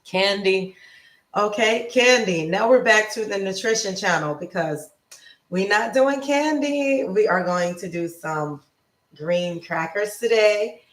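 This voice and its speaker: Chatty upbeat woman streaming live, slow pace. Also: roomy sound, low-quality recording. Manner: chatty, upbeat, greets viewers by name and drifts off topic; slows down to pronounce foreign words with bursts of high pitch. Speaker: lifestyle and nutrition livestream host. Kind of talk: casual livestream chat.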